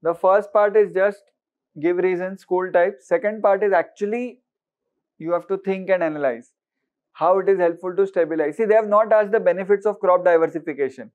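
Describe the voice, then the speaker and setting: A man's voice: sits high, moderate pace, phone-quality sound. A man with an Indian English accent giving an exam-prep lecture, often asking students questions and slipping in Hindi words. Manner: questioning, mixes Hindi words, repeats for emphasis.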